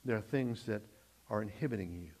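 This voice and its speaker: A middle-aged man preaching a sermon as pastor, swinging between loud emphatic lines and quiet low asides, often repeating words as he restarts. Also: a little fast.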